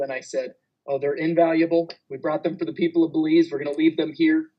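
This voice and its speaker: A man with a husky, slightly breathy voice pitched a little high speaks as a panelist at a medical conference. He tells stories with an easy, laughing delivery and quick asides. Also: little pitch movement, dark tone, lo-fi sound. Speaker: panelist physician.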